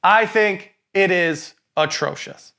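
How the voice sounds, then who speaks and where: Male podcast co-host, high-pitched, opinionated and emphatic, casual movie talk. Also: slow, gravelly, sharp tone. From lives in Boston. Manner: emphatic, opinionated, laughs often. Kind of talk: casual movie review chat.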